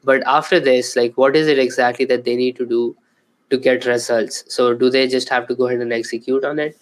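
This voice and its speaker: A man's voice: mid-range voice, level tone, brisk, low-quality recording. A man hosting a podcast, asking questions in a casual way, with lots of "like" and "um". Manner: questioning, hedging with "like" and "um". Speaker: podcast host.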